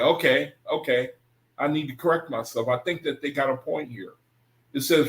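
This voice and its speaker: A man hosts a study livestream, taking his time as he reads aloud and goes back over lines to understand them. His voice sits at an ordinary middle pitch. Between passages he talks to his viewers in a loose, informal way. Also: poor audio. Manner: reads aloud slowly, rereading passages and pausing to think; relaxed, informal talk with the audience. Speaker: host of an online scripture study livestream. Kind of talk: casual livestream reading and commentary.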